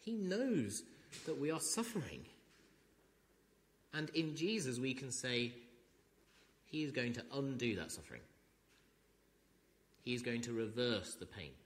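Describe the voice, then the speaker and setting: A man's voice: medium pitch, big pitch swings, a little slow, pauses often. A man preaching an earnest sermon, reading scripture and building to emphatic repetition.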